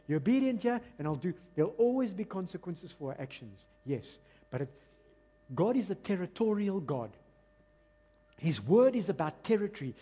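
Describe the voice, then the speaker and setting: A man preaching a passionate, emphatic sermon that swings between loud and quiet. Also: sits high, breathy edge. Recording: long reverb of a large hall.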